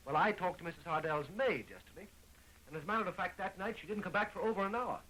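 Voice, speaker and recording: A man's voice: high-pitched, sharp tone, a little hiss or hum, low-quality recording. An actor playing a lovesick young man who jokes his way through an amateur murder investigation, in 1920s film acting on an old soundtrack. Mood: eager. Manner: fast joking patter.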